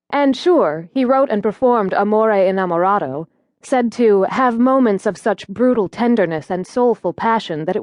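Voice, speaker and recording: Female audiobook narrator, mid-pitched, wry and conversational, dry close studio sound. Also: a little mellow, no echo. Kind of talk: scripted first-person audiobook narration. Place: recording studio.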